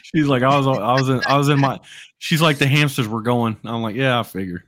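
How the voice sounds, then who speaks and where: A man's voice: medium pitch, brisk, a bit bright. Crude, laughing storytelling man. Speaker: podcast host. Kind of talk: casual chat.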